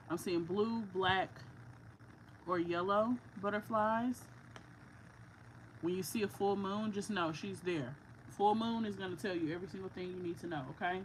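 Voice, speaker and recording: A woman's voice: mid-range voice, a little hiss or hum, poor audio. A woman giving a casual, heartfelt psychic reading. She talks in a rambling way, full of "like" and restarts. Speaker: psychic card reader. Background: music playing.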